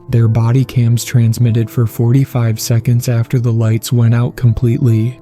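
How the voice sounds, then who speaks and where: Dark-voiced man narrating horror. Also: mid-range voice. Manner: grave, measured first-person storytelling.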